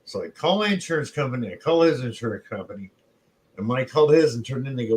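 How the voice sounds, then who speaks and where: A man's voice: mid-range voice, animated, fast talker, low-quality recording. A middle-aged man co-hosting a casual chat, telling anecdotes and acting out what others said. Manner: chatty storyteller who acts out quotes. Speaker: co-host.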